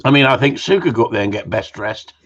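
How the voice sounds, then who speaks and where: A man's voice: medium pitch, animated, fast, a bit bright. A man hosting a casual live Q and A, rambling and jokey, swearing freely and tagging questions onto his remarks. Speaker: host of a live Q and A. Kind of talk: casual live-stream chat. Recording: muffled lo-fi audio.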